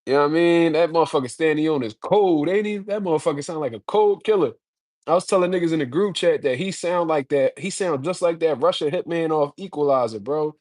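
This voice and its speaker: Male solo commentator with a slightly high voice. Slangy, profane, heated. Dry close-mic sound. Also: fairly quick, darkish tone, no room sound. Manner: blunt, slangy, heated ranting. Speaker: boxing commentator.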